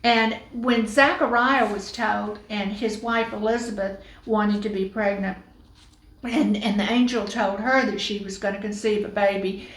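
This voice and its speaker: A woman preaching a Christmas sermon, telling the story with lively, playful asides. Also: mid-range voice, unhurried, roomy sound, poor audio.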